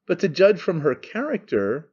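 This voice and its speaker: A man's voice: fairly high pitch, wildly swooping pitch, normal speed, a little mellow, husky, highs cut off, voice pushed up, full character voice. A man voicing a brash young man who mocks his father in an offhand, needling way. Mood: sneering. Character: young man, mocking, cynical, brash son.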